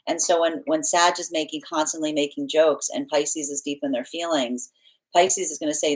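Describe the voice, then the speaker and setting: A woman's voice: low voice, moderate pace, low-quality recording. A woman reading tarot on a live stream, chatting casually with her viewers, laughing often and talking with many fillers and restarts. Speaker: tarot reader answering live chat.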